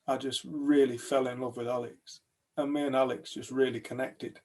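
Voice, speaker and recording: Gravelly man telling a story. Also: mid-range voice, normal speed. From United Kingdom. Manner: animated storyteller, acts out other people's lines. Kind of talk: telling a personal story to a group.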